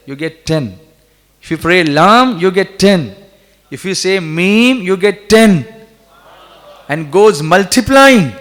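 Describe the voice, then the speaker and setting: High-voiced man preaching in a hall. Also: a bit bright. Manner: coaxes the audience to repeat, rises into fervent emphasis. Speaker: Quran reciter and teacher. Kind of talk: interactive religious talk with recitation. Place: large hall at a religious gathering. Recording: reverberant hall.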